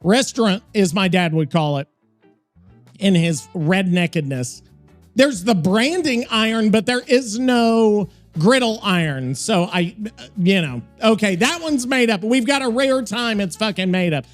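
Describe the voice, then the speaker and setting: High-voiced excitable swearing male host. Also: measured pace, soft background music. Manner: excitable, swears a lot, laughs along. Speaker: show host. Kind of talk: casual stream chat.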